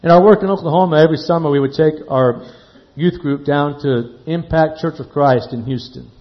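A man preaching a sermon, slowing down and dropping to a quiet hush on key words, then lifting his voice again. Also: fairly high pitch. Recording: dull lo-fi sound.

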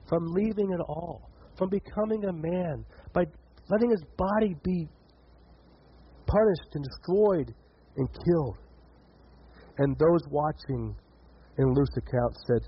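A man's voice: on the high side, unhurried, husky. A male pastor preaching a sermon in an earnest way, often repeating words as he builds, in a dull lo-fi recording.

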